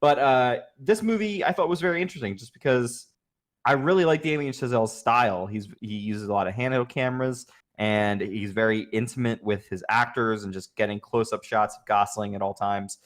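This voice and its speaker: Relaxed man reviewing films in casual chat. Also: medium pitch, a little fast. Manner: laid-back, laughing, rambling. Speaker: podcast co-host, film reviewer.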